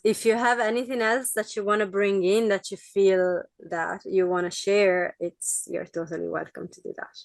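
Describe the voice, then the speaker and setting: A woman's voice: mid-range voice, flat delivery, normal speed, creaky, few pauses, no echo. A woman hosting a podcast interview, speaking in an affirming, reflective way. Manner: affirming, reflective, frequent mm-hmms. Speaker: podcast host. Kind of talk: casual interview chat.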